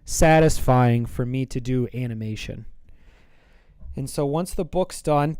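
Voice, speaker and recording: Chatty male streamer sketching live. He wanders between thoughts playfully, with a smooth, dry, close sound. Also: mid-range voice, unhurried, a little mellow, no room sound. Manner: rambling, playful, thinks aloud. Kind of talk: casual live-stream chat while drawing.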